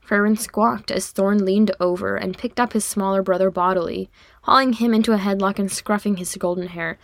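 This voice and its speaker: A woman reading fiction aloud as an audiobook narrator, in an expressive storytelling manner. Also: mid-range voice, normal speed, dry recording. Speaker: audiobook reader.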